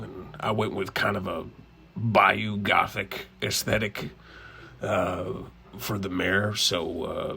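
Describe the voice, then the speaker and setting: Man playing a drawling Appalachian swamp woman, low and gravelly. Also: bright, forceful tone, full character voice.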